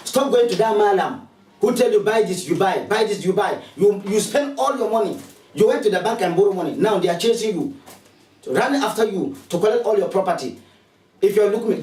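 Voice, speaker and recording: A man's voice: high-pitched, a little mellow, roomy sound, far from the mic, rough recording. A man with a Ghanaian accent, a spiritualist making a repetitive, coaxing promotional appeal to viewers. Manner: preachy, repetitive, urging and coaxing. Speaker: spiritualist advertising his services.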